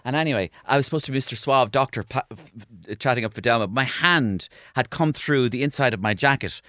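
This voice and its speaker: A man, a comedian guest telling lively stories in a radio studio interview, often repeating phrases. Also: medium pitch, quick pace, no room sound. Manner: animated storyteller, repeats phrases.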